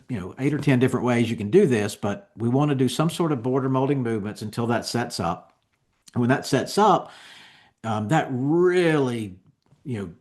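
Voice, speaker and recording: A man giving a continuing education lecture on dental technique, explaining each step in a relaxed, conversational way. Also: medium pitch.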